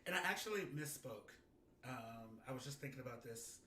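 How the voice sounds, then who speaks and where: A man's voice: mid-range voice, lively intonation, fairly quick, pushed and bright, echoey room, far from the mic, a little hiss or hum. A man co-hosting a casual chat, talking reflectively and restarting his sentences often. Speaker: podcast co-host.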